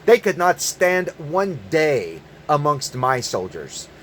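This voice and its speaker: A man's voice: a little high, big pitch swings, slow, fairly bright tone, slight background noise. A man delivering an angry, profane monologue, emphatic and prone to repeating words in bursts. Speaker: online commentator. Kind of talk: ranting monologue.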